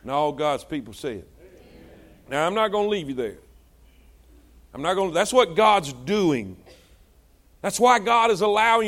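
Preacher guy, high voice, shouts then goes quiet, lots of call and response with the crowd. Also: sing-song, normal speed, long pauses. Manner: swings between shouted exhortation and low, hushed asides. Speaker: pastor. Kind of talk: sermon.

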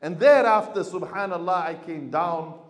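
Male imam, sermon delivery, slightly high pitch, dynamic storyteller, roomy echo. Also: normal speed. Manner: storytelling, swings from quiet to loud emphasis. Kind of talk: sermon to a congregation.

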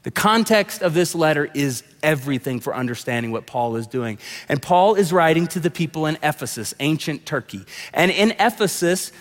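A male pastor preaching a sermon in a loose, conversational way, with frequent restarts and asides, in a large church sanctuary. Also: on the high side. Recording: long reverb of a large hall.

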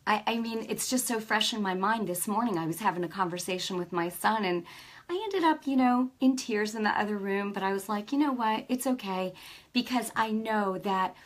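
A middle-aged woman giving a casual faith talk, telling stories with lively energy and often checking in with her listeners. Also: mid-range voice, brisk. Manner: lively storytelling, acts out quoted dialogue; peppers speech with "right?" and "you know". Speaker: Christian speaker.

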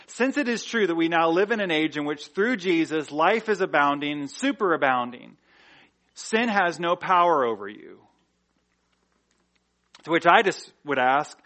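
Conversational pastor. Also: male voice, a little high, pushed and bright. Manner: conversational, frequent "like" fillers and restarts, rhetorical questions. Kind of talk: sermon.

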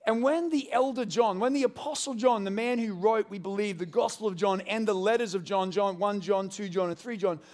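Man pastor, high voice, animated and playful sermon to a live congregation. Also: brisk, hardly any pauses. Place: church hall with congregation.

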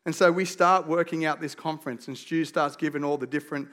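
A pastor from Australia delivers a sermon in a conversational tone, sharing stories laced with lively humour at his own expense. The voice is a bit high and the pace fairly quick.

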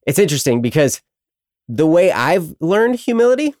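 A man's voice: a little high, big pitch swings, normal speed, darkish tone, no echo, studio quality. A man co-hosting a casual faith talk show, speaking reflectively and leaning on "you know" fillers. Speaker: co-host.

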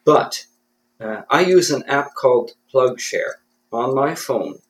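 A man's voice: mid-range voice, slow pace, slight background noise, low-quality recording. A man from Canada, a guest in an interview, talking in a thoughtful, self-deprecating way and often restarting his sentences. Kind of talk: conversational interview.

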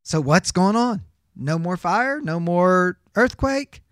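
A man's voice: high-pitched, lively intonation, takes it slowly, a bit bright, no echo, studio quality. A man teaching a biblical counseling class, reading scripture aloud and explaining it emphatically with rhetorical questions. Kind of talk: Bible teaching lecture.

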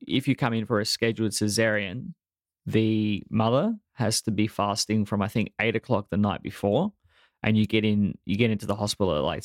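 An Australian man in his thirties co-hosting a podcast, easygoing and dryly funny. His voice sits low and relaxed. He is recorded on a close mic with no room sound. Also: no room sound. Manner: easygoing, dry humor. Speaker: podcast co-host. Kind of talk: casual chat.

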